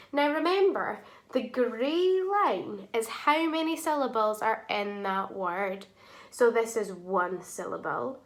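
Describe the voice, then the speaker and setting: Her voice sitting a little high, a woman teaches phonics to young kids. Words are pronounced slowly and distinctly, and she praises them often.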